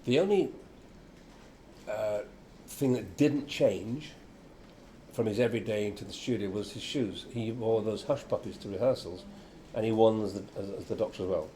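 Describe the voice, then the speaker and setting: An older actor chatting as an interview guest, a lively storyteller who acts out quotes. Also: male voice, fairly low pitch, normal speed, a little hiss or hum. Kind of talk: casual interview chat. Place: venue with background chatter.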